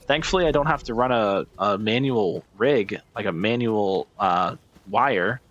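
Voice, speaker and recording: A man's voice: on the low side, a little slow, fairly bright tone, lo-fi sound. A man giving casual gameplay commentary, muttering, swearing and calling himself an idiot as he works. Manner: self-deprecating, swearing, frustrated muttering. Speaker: gaming streamer.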